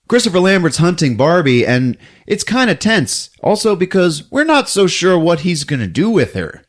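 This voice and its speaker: A man's voice: high-pitched, measured pace. A man hosting a podcast, recapping a movie in casual chat and laughing often as he tells it. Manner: animated, laughs often while telling. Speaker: podcast host.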